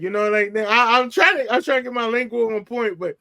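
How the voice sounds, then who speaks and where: A man's voice: extremely high pitch, a little fast, vocal fry, bright, forceful tone, no echo, studio quality. A man co-hosting a casual boxing podcast, rambling in slang with frequent restarts. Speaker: podcast co-host.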